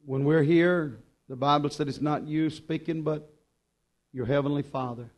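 A man preaching a sermon, impassioned and urgent, then dropping to quiet low passages. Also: steady tone, normal speed.

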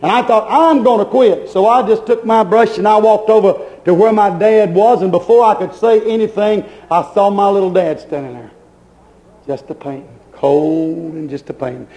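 A middle-aged man, preaching a fervent sermon as pastor, dropping suddenly quiet and then bursting out with emphasis. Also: high-pitched, normal speed, low-quality recording.

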